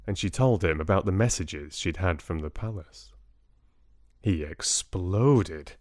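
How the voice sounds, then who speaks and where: A British man narrating an audiobook calmly, in a measured storytelling manner, close to the mic. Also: deep voice, no room sound.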